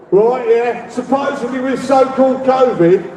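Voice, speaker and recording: Middle-aged london guy ranting at a rally, real high voice, far off the mic in an echoey space. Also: a little slow. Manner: rambling, shouts out demands, leads call-and-response. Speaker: activist speaker at a rally. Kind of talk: rally speech. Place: public rally. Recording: echoey, distant, with crowd noise. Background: faint crowd and ambient noise.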